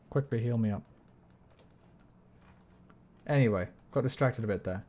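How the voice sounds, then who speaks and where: A man's voice: medium pitch, a little slow, pauses often, mellow, lo-fi sound. A man chatting casually on a livestream, explaining music theory, humming melodies and swearing when frustrated. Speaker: streamer. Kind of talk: casual livestream chat while gaming.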